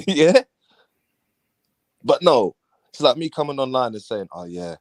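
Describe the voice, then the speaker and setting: A man's voice: medium pitch, big pitch swings, measured pace, long pauses, no echo. A man hosting a casual live talk stream, laid-back and slangy, often mocking others by acting out what they say. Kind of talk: casual chat.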